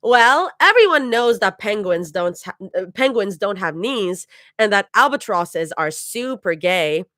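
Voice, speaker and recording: A woman's voice: high-pitched, very animated, normal speed, hardly any pauses, pushed and bright, no echo, studio quality, pitched above the performer's own voice, full character voice. Zoe, a woman reading as an eager sea-life enthusiast. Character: excited young woman who lectures about sea creatures.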